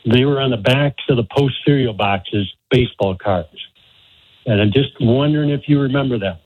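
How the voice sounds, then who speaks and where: A man's voice: mid-range voice, normal speed, breathy edge, dry recording, muffled recording. A man in his sixties calling in to a radio show, chatty and a little hesitant. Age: 60s. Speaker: radio caller. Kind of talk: phoned-in question.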